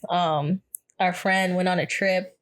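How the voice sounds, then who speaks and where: A young pregnant woman co-hosting a podcast, telling animated stories in casual chat and laughing often. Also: lowish voice, takes it slowly. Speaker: podcast co-host.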